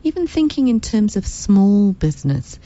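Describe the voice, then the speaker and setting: A woman's voice: medium pitch, very animated, normal speed, mellow, dull audio. A woman hosting a radio talk show, direct and encouraging as she speaks to listeners. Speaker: radio host.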